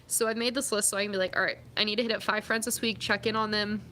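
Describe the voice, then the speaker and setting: A woman's voice: mid-range voice, steady tone, quick pace, sharp tone, slight background noise. A young woman vlogging, chatting casually and reading out viewer comments, upbeat and full of fillers. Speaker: vlogger and athlete.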